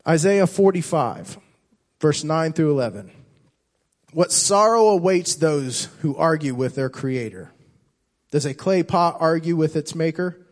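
A man preaching a sermon as pastor, impassioned, repeating and restarting phrases and swinging between loud and soft. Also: on the high side, moderate pace.

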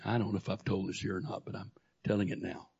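A gravelly, very husky male pastor recounting a personal testimony from the pulpit. He tells it in an animated way and acts out the voices in the dialogue. The recording sounds dull and lo-fi. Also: on the low side, fast. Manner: animated storyteller acting out dialogue. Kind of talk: sermon testimony storytelling.

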